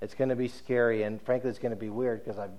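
A man voicing an earnest, gentle savior. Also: mid-range voice, fairly quick, dull audio, natural voice. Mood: reassuring. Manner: earnest, reassuring. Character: gentle, inviting male savior.

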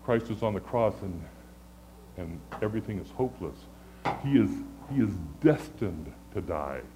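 A man preaching a sermon in a conversational, earnest way, often stammering and restarting, moving between loud pleading and hushed lows. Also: expressive, normal speed, noisy background. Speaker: pastor.

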